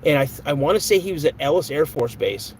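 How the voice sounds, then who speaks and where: A man's voice: fairly high pitch, lively intonation, fast talker, a little hiss or hum, poor audio. A man hosting a podcast live stream, chatting casually with viewers in a rambling, off-the-cuff way. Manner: rambling, reads chat aloud, flares up angrily at a troll. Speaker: podcast host.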